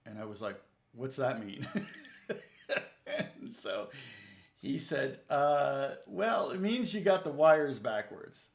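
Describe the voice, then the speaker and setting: Male guitar teacher, slightly high voice, animated rambling storyteller, echoey room. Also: slow, creaky, pauses often. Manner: rambling, animated, acts out both sides of a story. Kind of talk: casual storytelling on a livestream.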